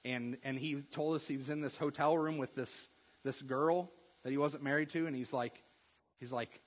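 A man preaching a sermon in a conversational storytelling way, often checking in with the congregation with a quick "right?". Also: medium pitch, steady tone, breathy edge, big-room sound, low-quality recording. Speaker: pastor.

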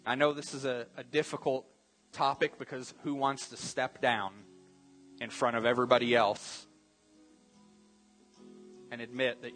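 Male pastor, mid-pitched, earnest altar-call preaching with quiet guitar underneath. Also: little pitch movement. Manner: earnest preaching, repeats key phrases, slows for emphasis. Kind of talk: sermon.

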